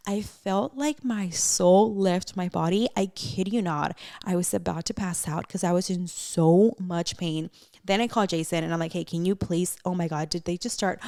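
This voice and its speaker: A young woman vlogger chatting casually to her viewers, telling animated stories in a gossipy, friendly way. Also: medium pitch, moderate pace, no room sound, studio quality. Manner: chatty, animated storytelling, addresses viewers as bestie. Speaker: vlogger host. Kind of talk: casual chat to camera.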